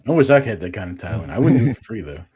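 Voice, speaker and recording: A man's voice: fairly low pitch, very animated, very fast, over a noisy crowd. A man co-hosting a casual interview, joking and asking long rambling questions. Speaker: co-host.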